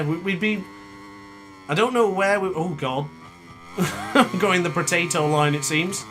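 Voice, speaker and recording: A man with a high voice speaks unhurriedly and pauses often, with music in the background. As a gaming YouTuber doing live commentary on a racing game, he keeps muttering and scolding himself, sounding frustrated and self-critical over the motorbike game's engine noise.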